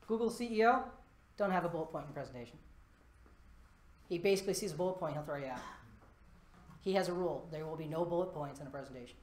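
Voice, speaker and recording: A man giving a live conference talk, lively and self-deprecating, walking around the stage as he speaks. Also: sits high. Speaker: conference presenter. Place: presentation room before a live audience. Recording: echoey presentation room.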